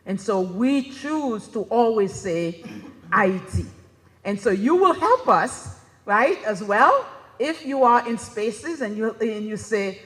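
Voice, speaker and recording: A woman's voice: a little high, animated, takes it slowly, fairly bright tone. A woman giving a conference presentation in a chatty, conversational way, often checking in with "right?". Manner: conversational, keeps asking "right?". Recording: reverberant hall.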